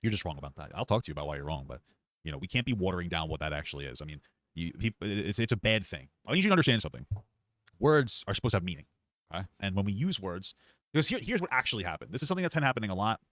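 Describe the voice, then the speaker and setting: Host, male, deep voice, quick blunt debater, dry recording. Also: very animated, fairly bright tone, no room sound. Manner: argumentative, blunt, swears. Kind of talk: casual reaction talk.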